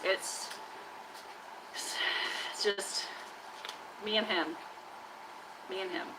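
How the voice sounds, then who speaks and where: A woman's voice: medium pitch, fairly even intonation, extremely slow, noisy background. A woman chatting casually on a live stream from her workshop, teasing and scolding her trash can like a buddy. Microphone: live-stream camera mic.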